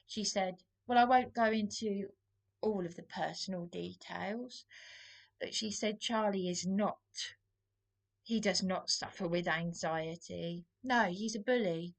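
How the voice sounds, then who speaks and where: A woman talks straight to camera, short of breath. She sounds agitated and wronged, and her rambling complaint moves at an unhurried, drawn-out pace at an ordinary pitch. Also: creaky. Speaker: vlogger. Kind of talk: emotional monologue to camera.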